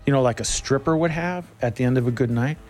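A middle-aged man hosting a radio show, telling a casual story in a folksy, animated way. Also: mid-range voice, fast, soft background music. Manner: animated, folksy, laughs between lines. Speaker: radio host.

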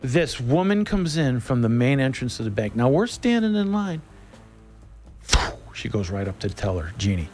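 A middle-aged male host spinning a casual yarn on air, his pitch swooping up and down as he talks. He has a folksy, chatty manner, and faint music plays behind him. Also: normal speed. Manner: animated, folksy, laughs between lines. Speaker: radio host. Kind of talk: casual storytelling monologue.

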